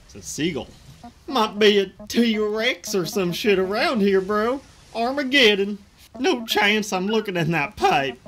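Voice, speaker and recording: Young surfer bro, streamer-voiced, loud, drawling, lively, game figure. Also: medium pitch, measured pace, pitched above the performer's own voice. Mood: hyped.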